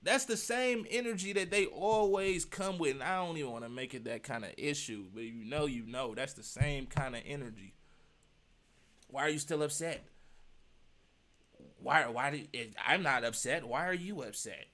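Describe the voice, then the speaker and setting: A man's voice: medium pitch, lively intonation, moderate pace, a bit bright. A man giving casual reaction commentary, emphatic and slangy, firing off rhetorical questions and repeating his points. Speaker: streamer reacting to a video.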